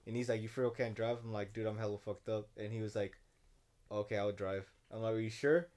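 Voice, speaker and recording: A man's voice: fairly low pitch, brisk, slight background noise. A young man telling a drunk story as a podcast co-host, rambling and profane with many restarts. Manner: rambling and profane, restarts a lot, gets loud when excited. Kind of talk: casual chat, storytelling.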